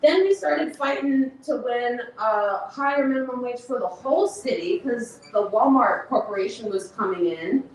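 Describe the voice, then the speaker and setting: A woman's voice: a little high, moderate pace, a little hiss or hum. A woman organizer giving a passionate, emotional talk to an audience, laughing and close to tears as she speaks. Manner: passionate, laughs and nearly cries. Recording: echoey room, speaker far from mic.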